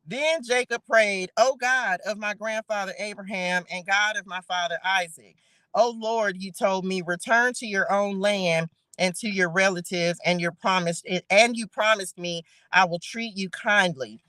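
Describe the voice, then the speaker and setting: A woman's voice: medium pitch, unhurried, bright, forceful tone, dry recording. A woman hosting a casual livestream Bible study. She reads scripture aloud and chats playfully with her viewers, laughing as she goes. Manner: chatty and playful, laughing, talking straight to viewers.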